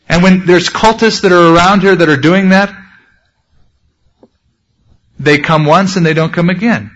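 A pastor delivering a sermon in a fairly high male voice. His tone is earnest and direct. He slows to a measured pace whenever he reads scripture. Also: fairly bright tone, highs cut off.

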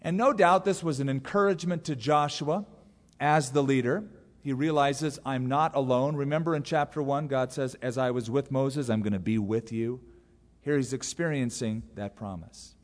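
Pastor preaching in a reverberant church hall. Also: male voice, mid-range voice. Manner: animated storytelling, acting out the characters in quick voices. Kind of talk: sermon.

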